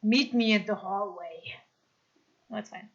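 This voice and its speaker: A woman with a German accent chatting casually on a live stream, reading comments aloud and apologizing often in an excitable way. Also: mid-range voice, measured pace, muffled recording.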